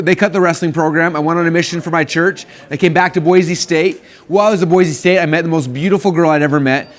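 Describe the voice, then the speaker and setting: A man in his thirties hosting a live stream, telling his story in a casual, eager, excitable way. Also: sits high. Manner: eager, excitable, talks in rapid bursts.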